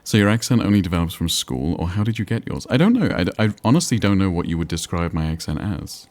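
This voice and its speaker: A man's voice: low voice, lively intonation, fast talker, darkish tone. A man with a northern English accent chatting casually while streaming a game, musing and answering chat. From England. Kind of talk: casual gameplay commentary.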